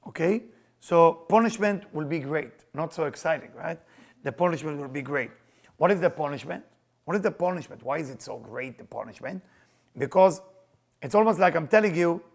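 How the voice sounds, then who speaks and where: A man teaching Kabbalah in an animated lecture, emphatic and excitable in English. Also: fairly high pitch, fairly quick, creaky, slightly rough. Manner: excitable, emphatic, non-native English with Hebrew phrases.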